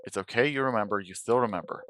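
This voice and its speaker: Low-voiced man reading game narration. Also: fast talker, no echo. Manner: expressive, swings from hushed to sudden loud. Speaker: streamer. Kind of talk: reading a game's narration aloud.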